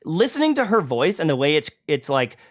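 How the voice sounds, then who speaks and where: Male streamer, lively swooping pitch, confrontational, stumbles over restarts. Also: fairly quick. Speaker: streamer and host. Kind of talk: heated online argument.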